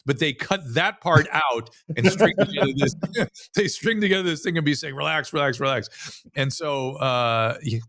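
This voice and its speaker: A physician from the United States speaking as an interview guest, telling a story animatedly with frequent restarts. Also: male voice, a little high, animated, moderate pace, a bit bright, dry recording, studio quality. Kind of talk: casual interview conversation.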